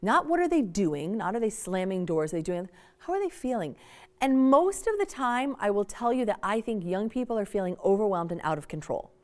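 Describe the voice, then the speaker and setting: Speaking a little fast with a medium pitch, a woman delivers a public talk about parenting. Her style is lively and emphatic, and she performs the quotes she relays.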